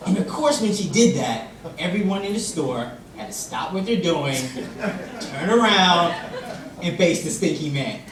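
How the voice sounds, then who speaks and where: Animated young man telling a funny story. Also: sits high, unhurried, background noise. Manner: animated storytelling, acts out voices. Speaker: contest speaker. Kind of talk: humorous contest speech. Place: large hall with audience. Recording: distant mic in echoey hall with audience.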